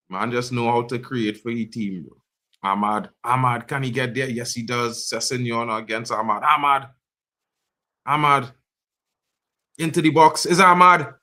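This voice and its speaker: Male fan stream host, live match reaction, slangy running call, erupts into high shouts.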